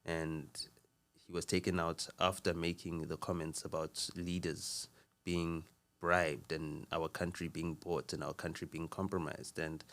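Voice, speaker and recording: A man speaking as a podcast guest, earnest and measured, with frequent fillers and restarts. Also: low voice, level tone, fairly bright tone. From South Africa. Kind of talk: casual conversational talk.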